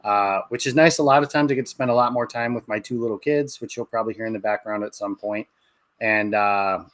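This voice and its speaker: A man's voice: fairly low pitch, brisk, a bit bright, no echo. A man in his thirties, a guest on a podcast, talking in an easygoing, rambling way with lots of fillers. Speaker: guest, sportswriter. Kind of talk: casual podcast interview.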